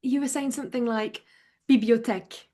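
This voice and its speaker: A woman's voice: on the high side, fairly even intonation, moderate pace, a crowd in the background. A woman hosting a podcast, chatty and laughing along with her guest. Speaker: podcast host. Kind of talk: casual podcast chat.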